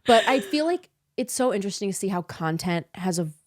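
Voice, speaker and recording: A young woman, an author guest, chatting casually on a podcast and telling stories with lively quoted voices and frequent laughs. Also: medium pitch, quick pace, no echo, clean studio sound. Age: young adult. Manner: animated storytelling, acts out quoted voices, laughs often. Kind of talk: casual chat. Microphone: studio podcast mic.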